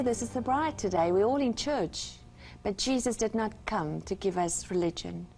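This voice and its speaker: A woman's voice: mid-range voice, a little mellow, a little hiss or hum. A woman from South Africa with a South African accent, giving an earnest, emphatic testimony as a guest on a Christian talk show. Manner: earnest, emphatic, retells conversations with God.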